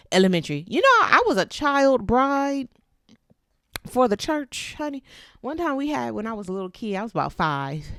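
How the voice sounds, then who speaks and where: A woman's voice: medium pitch, dry recording. A woman host talks in a frank, rambling casual chat, cursing easily and breaking into laughter. Her voice sits in an ordinary middle range. The recording is close and dry, with no room sound around her. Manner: candid and profane, with loose chatty tangents; laughs often while talking.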